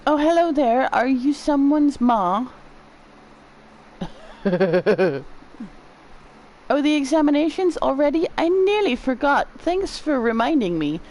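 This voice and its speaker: A woman's voice: high-pitched, big pitch swings, slow pace, pauses often, a little mellow, pitched above the performer's own voice, full character voice, rough recording. A woman voicing a sick young boy with a put-on accent, whining about his medical examinations. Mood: weary. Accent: put-on unnamed accent.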